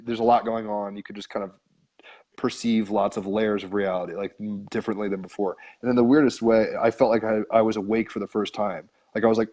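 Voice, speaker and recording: A podcast guest with a fairly low male voice tells a long personal story in a loose, conversational way. His speech meanders, with frequent "like"s and casual swearing. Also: level tone, fairly quick, warm tone. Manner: rambling, filler-heavy, frequent "like", casual swearing.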